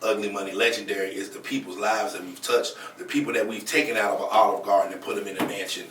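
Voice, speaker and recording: Fast, laid-back man. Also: on the low side, fairly even intonation, background noise. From Atlanta, USA. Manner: laid-back, keeps saying "you know what I'm saying". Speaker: guest, record label head. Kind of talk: casual interview chat. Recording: echoey room, mic at a distance.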